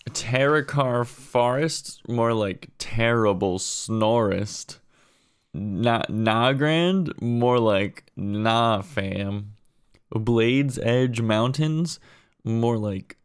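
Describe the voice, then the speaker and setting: A young man delivering a deadpan list of comedy puns, drawn out slowly with quick mumbled asides. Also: fairly low pitch, smooth. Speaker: comedy video creator.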